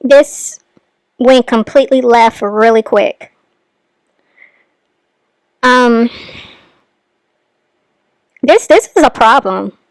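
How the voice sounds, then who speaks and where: A woman with a high, smooth voice talks casually as she reacts to clips. She sounds close to the mic in a dry space, explaining things like she's chatting with friends. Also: very slow, pauses often, no echo. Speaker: commentary channel host. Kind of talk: casual commentary.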